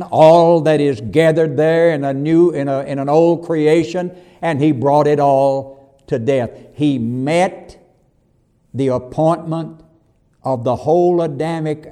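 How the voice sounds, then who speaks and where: A man preaching a sermon, slow and emphatic, rising to loud declarations and dropping to near whispers, calling his listeners "hon". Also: a little high. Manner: slow, emphatic preaching with swells and drops in volume.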